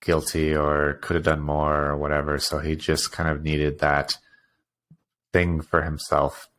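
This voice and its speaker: A man's voice: rumbling low, monotone, measured pace, fairly bright tone, a little hiss or hum. A man co-hosting a podcast, chiming in with short agreeing remarks in a casual chat. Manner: brief agreeing interjections. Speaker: podcast co-host.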